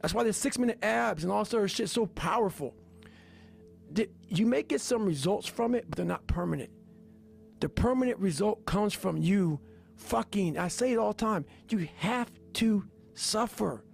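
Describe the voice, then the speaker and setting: A man's voice: high voice, animated, normal speed, gravelly. A man giving a motivational talk, intense and profane, hammering his points with repetition. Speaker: motivational speaker. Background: faint music.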